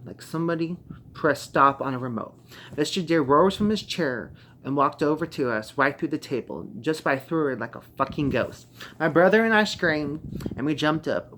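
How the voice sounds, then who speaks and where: A young man reading a creepy internet horror story aloud, casual, with sweary excited asides and stumbling restarts. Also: a little high, slight background noise. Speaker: story narrator.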